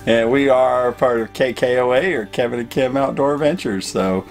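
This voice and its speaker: A man talks casually through a do-it-yourself repair, pausing often and filling gaps with "uh" and "so". His manner is laid-back and modest. Faint music plays behind him. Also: mid-range voice. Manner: easygoing, hesitant with many fillers. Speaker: vlog co-host. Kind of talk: casual how-to chat.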